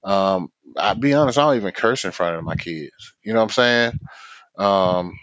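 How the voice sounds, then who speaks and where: A man co-hosting a casual podcast, speaking candidly in halting phrases with many fillers. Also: deep voice, fairly bright tone, no room sound, lo-fi sound. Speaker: podcast co-host.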